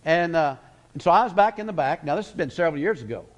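Folksy preacher, drawn-out emphasis. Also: male voice, on the high side, animated. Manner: folksy, emphatic, slows words for weight. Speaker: guest preacher. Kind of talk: sermon. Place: church sanctuary.

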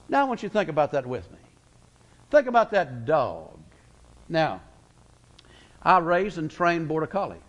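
A man preaching a sermon, folksy and storytelling, slowing down for emphasis then speeding up. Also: a little high, poor audio. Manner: folksy storytelling preacher, pace swinging slow and fast.

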